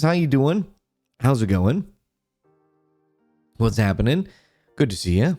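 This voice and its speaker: A man's voice: fairly low pitch, very animated, measured pace, pauses often, darkish tone, faint music behind. Chatty man greeting his stream chat. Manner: chatty, greets viewers by name, trails off and restarts. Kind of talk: casual livestream chat greeting viewers.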